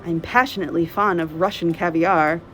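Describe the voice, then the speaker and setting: A woman reading as a creaky, genteel old woman. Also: fairly low pitch, fairly even intonation, moderate pace, fairly bright tone, soft background music, natural voice. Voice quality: creaky, like an unoiled gate. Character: odd elderly woman stranger, creaky and genteel. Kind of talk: storybook read-aloud.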